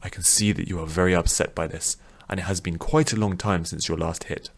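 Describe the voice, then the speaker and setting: A man voicing a calm, patient old man who reasons gently with a troubled younger man. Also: deep voice, brisk, creaky.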